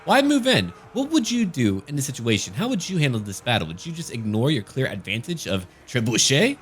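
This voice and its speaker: A man's voice: medium pitch, sing-song, brisk, a little hiss or hum. A man giving gameplay commentary as a gaming channel host, with dry, joking asides.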